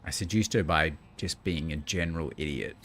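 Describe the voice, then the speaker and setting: A man's voice: extremely low pitch, fairly quick, fairly bright tone. A man, joking and rambling casually while he streams a game. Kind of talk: casual gaming commentary.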